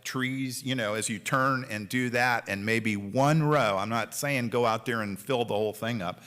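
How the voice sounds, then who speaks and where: A man with a medium-pitched, bright and forceful voice runs a city planning board meeting in a council chamber. He keeps the public discussion chatty, acting out the words of imagined drivers.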